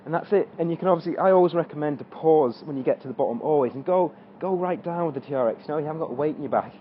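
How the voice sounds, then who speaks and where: A man's voice: fairly high pitch, racing, lo-fi sound, slight background noise. A man coaching an exercise tutorial, talking through squats as he demonstrates them and straining during the reps. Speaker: fitness coach.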